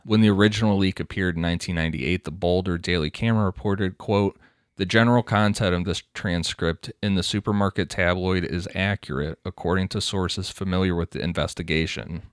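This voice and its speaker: A man co-hosting a casual true-crime podcast, reading quoted reports aloud in a measured, steady way. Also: sits low, smooth, no room sound, studio quality. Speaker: podcast co-host.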